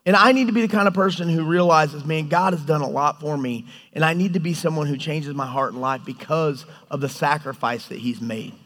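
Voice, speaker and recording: Animated male preacher with a high voice, in a reverberant hall. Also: fairly quick, hardly any pauses. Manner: animated, storytelling, acts out God's lines. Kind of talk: sermon.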